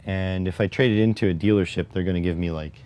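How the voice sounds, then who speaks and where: A man's voice: low-pitched, fairly even intonation, quick pace, darkish tone, a little hiss or hum. A man hosting a casual livestream, talking in a rambling, wry, conversational way and answering his chat. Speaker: livestream host.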